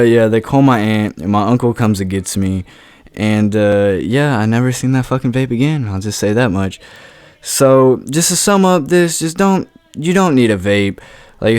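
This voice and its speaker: A man's voice: mid-range voice, normal speed, darkish tone, smooth, no echo. A young man telling a casual storytime monologue in a laid-back way, full of fillers and swearing, often asking "right?".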